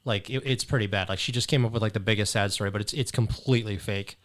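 A man's voice: on the low side, fast talker. A young man hosting a casual podcast chat, telling stories in a profane, rambling way. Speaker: podcast host.

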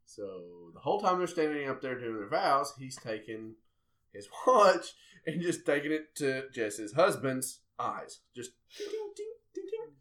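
A young man, a podcast guest about to marry, telling profane, animated stories in casual chat and quoting others in put-on voices. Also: medium pitch, a little slow. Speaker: podcast guest, engaged groom.

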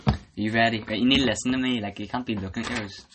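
A man's voice: mid-range voice, fairly even intonation, rapid-fire, crowd noise. A young man co-hosting a casual podcast, joking, laughing a lot and bossing his friend around. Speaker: podcast co-host. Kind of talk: casual chat. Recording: faint background noise.

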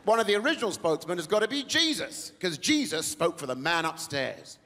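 A man's voice: sits high, fairly quick. A man performing a stand-up comedy set, acting out the people he quotes. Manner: animated, acts out the people he quotes. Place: large theatre with a live audience. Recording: reverberant hall, crowd laughter.

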